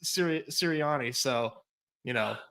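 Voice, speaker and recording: A man's voice: mid-range voice, a little slow, vocal fry, a bit bright. A man guesting on a fantasy football chat, joking and rambling, stammering as he restarts. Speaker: guest co-host.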